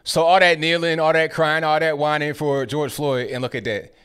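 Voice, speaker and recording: A man's voice: fairly high pitch, level tone, moderate pace, a bit bright, clear, resonant tone, some chatter behind. Sarcastic man commenting on clips. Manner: sarcastic, rhetorical questions. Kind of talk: casual political commentary.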